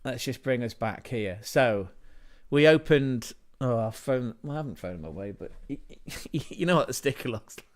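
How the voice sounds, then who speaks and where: A man's voice: medium pitch, expressive, moderate pace, hardly any pauses. Male streamer with a mid-range voice, chatting off the cuff, scattered and self-mocking, with lots of restarts. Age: adult parent. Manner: scatterbrained, digressive, self-deprecating, frequent restarts and chuckles. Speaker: channel host and livestreamer. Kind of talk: casual rambling livestream chat.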